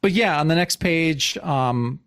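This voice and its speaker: A man's voice: fairly high pitch, expressive, measured pace, a bit bright, no echo, clean studio sound. A man co-hosting a podcast in casual chat, recapping a comic and laughing often. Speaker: podcast co-host.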